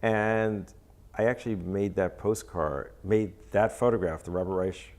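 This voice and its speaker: A man being interviewed about his photography, talking in a hesitant, rambling way with many pauses. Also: low voice, darkish tone. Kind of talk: casual interview.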